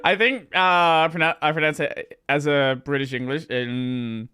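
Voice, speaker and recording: An Australian man hosting a casual gaming stream, animated and swearing freely as he toys with pronunciations. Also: fairly high pitch, normal speed, smooth. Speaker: streamer host.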